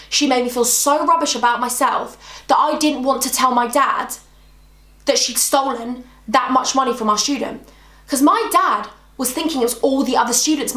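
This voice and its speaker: Expressive woman telling a story. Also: sits high. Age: 20s. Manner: emotional, re-enacts conversations. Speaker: YouTuber. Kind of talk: storytime vlog. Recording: roomy, echoey room.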